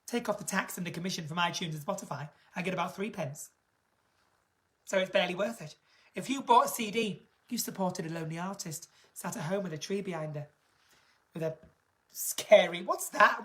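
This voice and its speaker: A woman's voice: lowish voice, a little fast, fairly bright tone. A woman hosting a casual live stream, chatting in a camp, gossipy and theatrical way. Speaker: singer and live-stream host.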